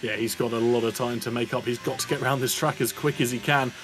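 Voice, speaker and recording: A man's voice: medium pitch, fairly even intonation, music in the background. A man giving co-commentary and analysis on a sim racing qualifying session. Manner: measured analytical, praising laps. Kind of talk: live race analysis.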